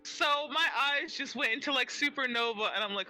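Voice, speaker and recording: A woman's voice: high-pitched, normal speed, faint music behind, rough recording. A woman streamer chatting casually while gaming, telling stories animatedly and acting out the people she quotes, on a headset mic. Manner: animated storyteller who acts out quoted people.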